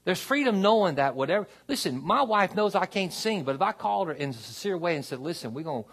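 Gravelly, lively-voiced man preaching. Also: high-pitched, quick pace. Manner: conversational preaching with call-and-response asides. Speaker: pastor. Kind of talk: sermon. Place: church sanctuary.

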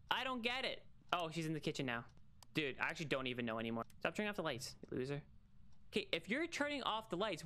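Young streamer, casual gaming commentary, jokey and trash-talking, easily startled, mid pitch. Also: a bit bright. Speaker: streamer playing a ghost-hunting game.

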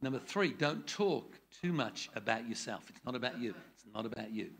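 Gravelly, lively man teaching. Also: medium pitch, normal speed, slight background noise. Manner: blunt, jokey, demonstrates tones of voice. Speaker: preaching trainer. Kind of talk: teaching a preaching workshop.

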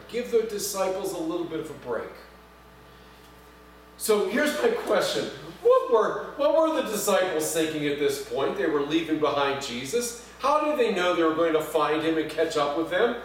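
A man with a high voice preaches in a church, recorded from a distance so his words ring through a very echoey room. He talks in a conversational way, asks his listeners questions and slips in light jokes, with a faint hum underneath. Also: sing-song, normal speed. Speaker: pastor. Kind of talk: sermon. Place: church sanctuary.

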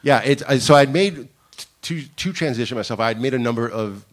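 A director from Miami, a guest on a conference panel, tells stories from his career in a conference room, animatedly acting out the lines of people he quotes. His voice is medium in pitch and fairly quick.

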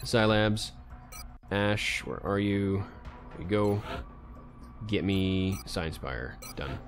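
A man's voice: deep voice, takes it slowly, over music. A man recording casual gameplay commentary as a let's play host, talking to himself and breaking into frustrated outbursts. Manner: talks to himself, swings into sudden frustrated outbursts.

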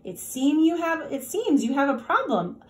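A woman's voice: high-pitched, big pitch swings, normal speed, voice pushed up. A woman voicing a cocky male rooster who crows his lines. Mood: teasing.

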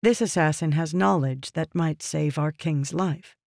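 A man voicing a determined, impatient noblewoman with a brisk, lifted tone. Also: a little high, gravelly, darkish tone, no echo, clean studio sound. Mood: commanding.

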